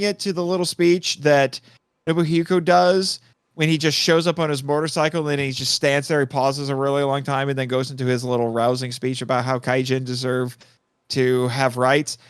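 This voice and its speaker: A man talking as a podcast guest in casual chat, excitable, laughing often and changing his mind mid-thought. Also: medium pitch, normal speed, clear, resonant tone, no room sound, studio quality.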